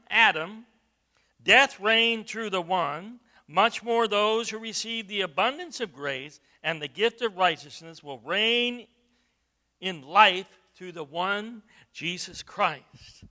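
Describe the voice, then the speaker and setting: Male preacher, high, very bright tone, emphatic sermon delivery. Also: slow. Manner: emphatic, rising to loud stresses, repeats words.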